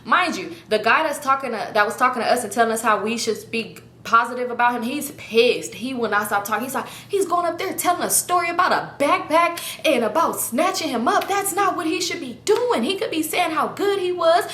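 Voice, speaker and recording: A young woman telling a long story in casual, animated, slangy speech full of swearing, her voice jumping high for emphasis. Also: fairly quick, few pauses. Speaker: storyteller vlogger. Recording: echoey room with faint rumble.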